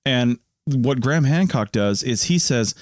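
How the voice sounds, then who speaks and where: A man's voice: mid-range voice, lively intonation, unhurried, darkish tone, no room sound. A man co-hosting an archaeology podcast, talking in a rambling, skeptical way with frequent restarts. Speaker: podcast co-host. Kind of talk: casual podcast chat.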